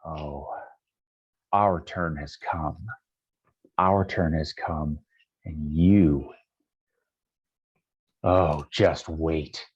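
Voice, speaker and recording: A man voicing a furious, vengeful drow woman leader, making slow, low threats on a dull, lo-fi recording. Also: fairly even intonation, breathy edge, full character voice. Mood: ominous. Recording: dull lo-fi sound.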